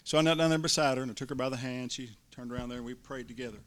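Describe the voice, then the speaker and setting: A middle-aged man preaching, telling a folksy personal story from the pulpit with restarts and warm asides. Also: medium pitch, racing. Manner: folksy, building to excited shouts. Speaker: pastor. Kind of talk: sermon storytelling.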